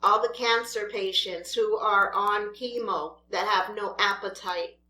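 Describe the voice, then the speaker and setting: Fed up lady vlogger scolding other eaters, slow drawn-out talk. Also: mid-range voice, fairly even intonation, bright, forceful tone, roomy sound. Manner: exasperated, scolding. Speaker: mukbang vlogger. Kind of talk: ranting vlog while eating.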